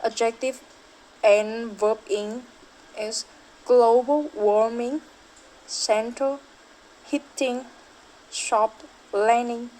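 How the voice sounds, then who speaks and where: A woman's voice: fairly high pitch, fairly even intonation, drawn-out words, long pauses, a little mellow, low-quality recording. A young woman student reading a class presentation, hesitant, with frequent fillers and self-corrections.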